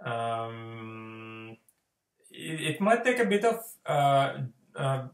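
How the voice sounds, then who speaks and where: Finnish man, language lesson, slow halting delivery, echoey room. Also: mid-range voice. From Finland. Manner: hesitant, many fillers, explanatory. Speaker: language teacher. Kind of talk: casual spoken lesson.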